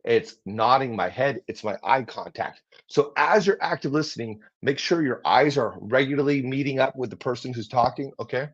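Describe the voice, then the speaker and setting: Casting: husky male speaking coach, mid pitch, energetic teacher, slightly dull lo-fi livestream audio. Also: normal speed, hardly any pauses. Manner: energetic, demonstrates tones and acts out example replies. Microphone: livestream mic.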